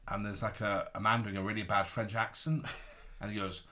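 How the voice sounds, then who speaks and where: Low bright-voiced man chatting. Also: normal speed. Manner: relaxed, fond of film baddies, trailing ums. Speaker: co-host. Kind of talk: casual live-stream chat.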